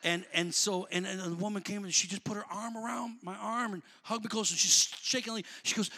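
A man preaching a sermon, talking in a plain, colloquial way to the congregation and rising to shouts before dropping back to easy talk. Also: high voice, fairly even intonation, brisk, few pauses. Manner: builds to shouting, then drops back to conversational.

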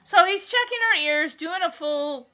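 A woman's voice: very high-pitched, lively intonation, normal speed, pushed and bright. A woman giving casual, sarcastic running commentary while watching a film, laughing often. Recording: slightly dull lo-fi audio.

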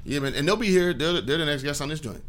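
A man's voice: on the high side, fast talker, crowd noise. A young man hosting a casual podcast, laid-back and swearing freely, with lots of ums. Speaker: podcast host.

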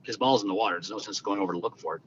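A man, a guest telling stories in an animated, conversational way and acting out the quoted lines. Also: very fast, breathy edge. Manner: animated, acts out quoted dialogue. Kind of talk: conversational storytelling. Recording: dull lo-fi sound with faint rumble.

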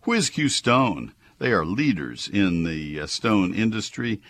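A man's voice: fairly low pitch, very animated, slow pace, fairly bright tone. A man hosting a radio gardening call-in show, chatty and enthusiastic, with frequent uhs. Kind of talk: casual call-in radio talk.

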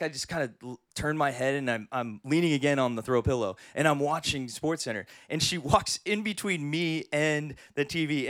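A man in his thirties preaching a sermon as pastor, telling humorous stories in an animated way. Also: a little high, dry recording, clean studio sound.

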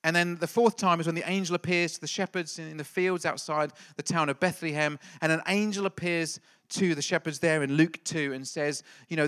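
A man's voice: fairly high pitch, steady tone, a little fast, few pauses, a bit bright. A middle-aged male pastor giving a playful, jokey church talk and quizzing the congregation. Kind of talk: lively church talk with a quiz.

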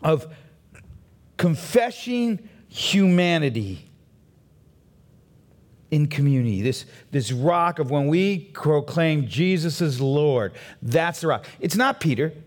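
A man preaching as pastor, delivering an animated sermon that builds to emphatic peaks. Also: on the high side, takes it slowly, pauses often. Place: church.

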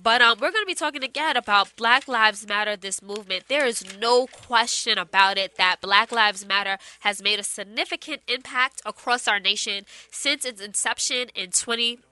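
A woman's voice: fairly high pitch, normal speed, few pauses, sharp tone. A woman co-hosting a radio talk show, with a nasal, congested voice from allergies. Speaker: radio co-host. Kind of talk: casual radio talk and segment intro. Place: radio studio. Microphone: studio mic.

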